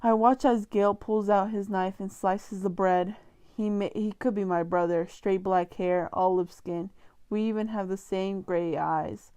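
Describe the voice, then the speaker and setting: A woman's voice: mid-range voice, fairly even intonation, measured pace, warm tone, smooth. A woman reading a novel aloud for her channel, casual and stumbling over words now and then. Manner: joking, slangy asides. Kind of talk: casual read-aloud with chat breaks.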